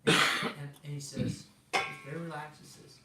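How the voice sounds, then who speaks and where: Over loud music, a middle-aged man tells his personal faith story as a guest, speaking casually, acting out the dialogue, and using restarts and fillers. His voice is on the high side, level in tone and brisk. The recording sounds roomy from a distant mic, with background noise.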